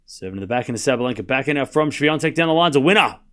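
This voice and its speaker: This young Australian host runs an easygoing tennis watchalong stream, his medium-pitched voice expressive, rapid-fire and somewhat bright, recorded cleanly. Between asides he keeps up a chatty ramble, pausing to call the scores.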